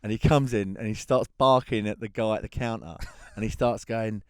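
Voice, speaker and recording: An English man co-hosting a podcast, telling a long anecdote in a lively, laughing way. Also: on the low side, normal speed, clean tone, no room sound, clean studio sound. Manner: animated storyteller, laughs through his tale. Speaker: podcast co-host. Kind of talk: casual chat, anecdote telling.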